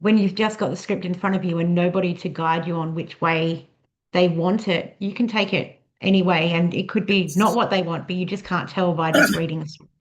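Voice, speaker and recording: A woman's voice: on the low side, steady tone, a little fast, a little hiss or hum. A woman interviewing a guest over a video call, speaking in a friendly, casual way. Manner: friendly, brief affirming replies. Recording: dull lo-fi audio.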